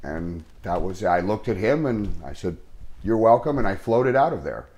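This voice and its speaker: A man with a fairly low voice talks through a story in a casual interview. He halts, restarts and fills pauses, yet stays earnest and intense as he recalls it. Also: very animated, darkish tone. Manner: halting, full of restarts and fillers. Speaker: actor being interviewed.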